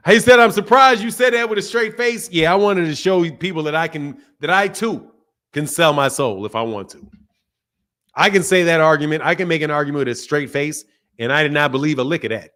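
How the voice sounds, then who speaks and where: High-voiced animated Philadelphia boxing host. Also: male voice, brisk. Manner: animated, playful, repeats phrases. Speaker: boxing channel host reading super chats. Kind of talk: casual livestream chat.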